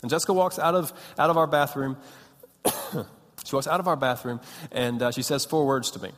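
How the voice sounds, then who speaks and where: Animated young pastor in a reverberant hall. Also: male voice, mid-range voice, a little fast. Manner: animated storytelling, self-mocking and punchy. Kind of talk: sermon.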